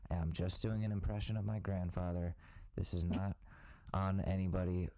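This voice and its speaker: A man co-hosting a podcast, chatting casually and cracking jokes with quick bits of silly voices. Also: low-pitched, little pitch movement, dark tone, dry recording, low-quality recording. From part Korean family. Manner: jokey, slips into silly put-on voices. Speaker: podcast co-host. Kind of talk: casual comedic chat.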